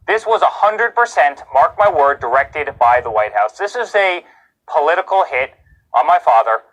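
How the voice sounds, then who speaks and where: A man's voice: on the high side, sing-song, moderate pace, a bit bright, low-quality recording. A man giving a live TV news interview as a guest, talking in a heated, indignant way and hammering points home with repetition.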